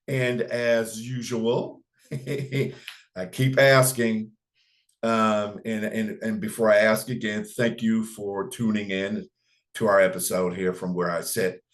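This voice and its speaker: Middle-aged man, show host, slow deliberate emphatic delivery, impassioned commentary. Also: fairly low pitch, little pitch movement. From United States. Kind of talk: political commentary broadcast.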